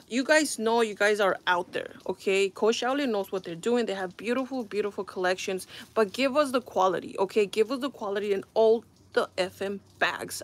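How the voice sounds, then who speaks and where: A woman's voice: mid-range voice, normal speed, a little hiss or hum. A woman vlogging at home with a phone camera, reviewing a handbag in a rambling, exasperated way with frequent sighs. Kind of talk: casual product review vlog.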